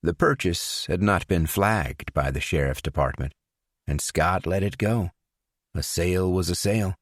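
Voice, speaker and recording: A man narrates a suspense audiobook in a very low, deep voice. He reads slowly and with care, giving each character a voice. The recording is dry and close, with no room sound. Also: no room sound. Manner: measured, unhurried reading with voiced dialogue. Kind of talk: scripted narration.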